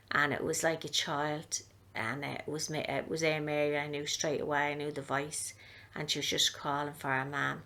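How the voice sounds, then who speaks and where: Low, gravelly Irish woman recounting events. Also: fairly bright tone. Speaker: interviewee, sister of the patient. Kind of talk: recorded testimony.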